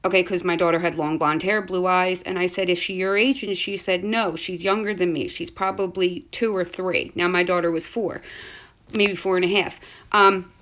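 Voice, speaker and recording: A woman in her thirties telling a spooky story about her child in an animated, casual way. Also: on the low side, normal speed. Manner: animated, swears when excited.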